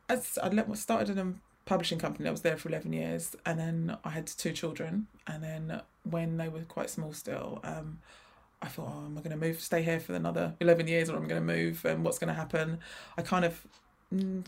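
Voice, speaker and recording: A woman's voice: on the low side, vocal fry, a little mellow. A woman in her forties, a chatty interview guest who laughs often and restarts her sentences. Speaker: guest, freelance graphic designer. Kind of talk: casual interview chat.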